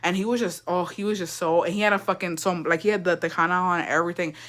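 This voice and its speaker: A woman's voice: lowish voice, steady tone, fast talker, fairly bright tone. A young woman telling a story in a casual, rambling way, swearing a lot and slipping into Spanish. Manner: profane, rambling, switches into Spanish. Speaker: vlogger.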